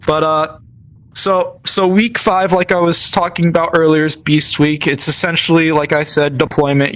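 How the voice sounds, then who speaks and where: Young man, casual storytelling, rambling, many restarts, fairly high voice. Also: a bit bright. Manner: rambling, lots of fillers and restarts. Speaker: gamer telling military stories. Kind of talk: casual storytelling while gaming.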